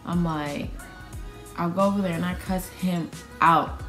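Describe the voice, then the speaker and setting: Young woman, casual storytime vlogger, animated and slangy, acts out quotes; roomy echo. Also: lowish voice, unhurried, soft background music. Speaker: vlogger telling a personal story.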